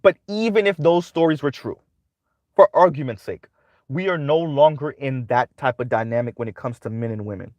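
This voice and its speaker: A man's voice: medium pitch, moderate pace, a little mellow, no echo. A man hosting a commentary channel, giving a casual monologue that keeps checking in with "right?". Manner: conversational, repeats "right?" often.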